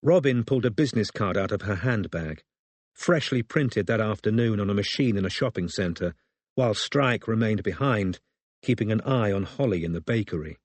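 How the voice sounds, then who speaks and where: A man reading a crime novel aloud as audiobook narrator, in measured scripted narration. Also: fairly low pitch, lively intonation, no room sound.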